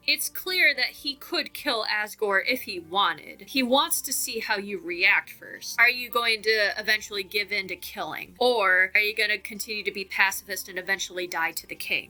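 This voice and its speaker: A young woman giving a casual, animated video essay analysis and drawing out key words as she talks. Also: medium pitch, low-quality recording.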